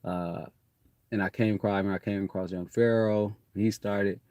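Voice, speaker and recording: A Detroit man, hosting, rambles through a casual spiritual monologue and swears freely. His voice is slightly low, darkish, clear and resonant, with a steady tone at a moderate pace. The recording is dry and close, with no room sound around him.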